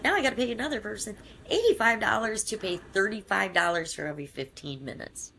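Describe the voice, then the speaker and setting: A woman's voice: medium pitch, animated, fast talker, gravelly, pushed and bright, breathy edge. A woman guest on an interview, telling her story in a rambling, casual way with many fillers and restarts.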